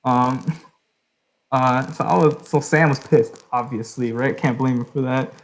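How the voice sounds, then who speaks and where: A man's voice: mid-range voice, fairly even intonation, a little slow, poor audio. A young man tells a long story on a podcast. He rambles loosely and keeps checking in with "right?" as he goes. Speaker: podcast host. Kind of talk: casual storytelling.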